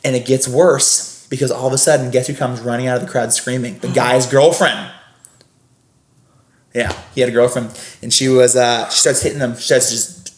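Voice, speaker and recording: A young man, a scare actor guest on a podcast, telling stories in a casual, animated way, full of acted-out voices and fillers. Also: mid-range voice, normal speed. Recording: roomy echo.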